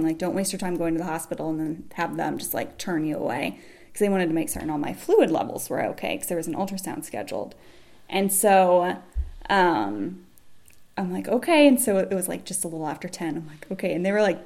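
A young woman telling a personal story in a casual, chatty way, laughing often and acting out what people said. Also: medium pitch.

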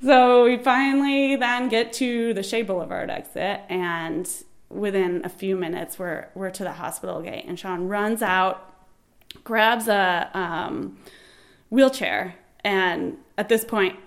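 A woman in her thirties telling a personal birth story, animated and laughing, acting out shouted quotes. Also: medium pitch, takes it slowly, creaky.

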